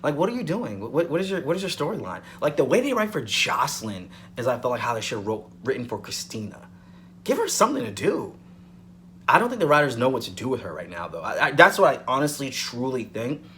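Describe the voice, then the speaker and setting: A man's voice: mid-range voice, sing-song, fairly quick, fairly bright tone, slight background noise. A man giving a casual weekly soap opera review, rambling with frequent "um"s and repeating points for emphasis.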